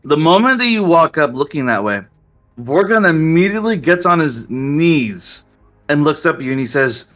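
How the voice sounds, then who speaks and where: A man's voice: a little high, big pitch swings, moderate pace, a bit bright, faint music behind. A man narrating as game master in casual, filler-heavy speech.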